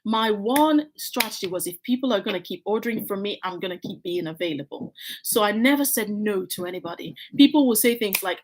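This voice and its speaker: A middle-aged woman vlogging at home, telling her life story candidly and acting out quoted lines with big jumps in her voice. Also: brisk. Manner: animated, frank, acts out quotes with big pitch jumps. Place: home with building works nearby.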